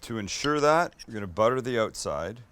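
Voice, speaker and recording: A middle-aged man hosts a cooking show from a kitchen with a flat-top grill, cooking as he talks casually and eagerly, joking and cursing a little. His lowish voice is brisk, lively in intonation, fairly bright, clear, and resonant, with no echo.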